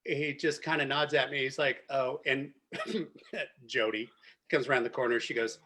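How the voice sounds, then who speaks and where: A man's voice: fairly high pitch, a little slow, breathy edge. A man, a winemaker, chatting casually at a virtual wine tasting and telling stories with frequent laughter. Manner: animated storyteller, laughs often. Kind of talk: casual chat. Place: virtual tasting video call.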